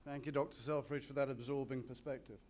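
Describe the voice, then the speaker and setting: A man's voice: mid-range voice, steady tone, quick pace, over a noisy crowd, very noisy. A man emceeing a ceremony, polished and courteous, thanking one speaker and introducing the next into a podium mic.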